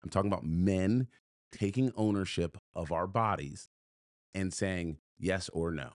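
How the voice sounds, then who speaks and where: A man's voice: sits low, measured pace, a little mellow, dry recording, clean studio sound. A man telling a story on a podcast in an emphatic, punchy way, repeating phrases and restarting.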